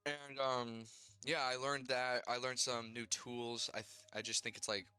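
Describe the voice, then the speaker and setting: Bright-voiced young man recapping a game. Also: mid-range voice, level tone, clear, resonant tone. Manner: halting, full of fillers and restarts. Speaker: player. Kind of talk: recapping a tabletop game character's backstory.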